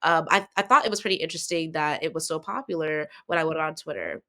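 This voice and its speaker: A woman hosts a casual recap chat in a bright, forward voice. She talks in an animated way, often restarting and repeating words as she goes. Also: low-pitched, quick pace. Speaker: podcast host.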